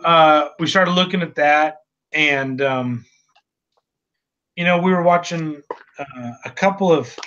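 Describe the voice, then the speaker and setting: Man from Texas, guest on a video call, friendly storyteller; bright, higher voice, muffled audio. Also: takes it slowly, long pauses. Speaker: interview guest, father. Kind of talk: casual interview conversation.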